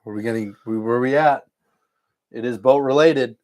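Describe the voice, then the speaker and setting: A man from Iowa co-hosting a casual livestream, his voice sitting at an ordinary middle pitch. He rambles along in an upbeat, enthusiastic way. The sound is dry and close, with no room around it. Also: moderate pace, a little mellow, dry recording. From Iowa, United States. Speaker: podcast co-host.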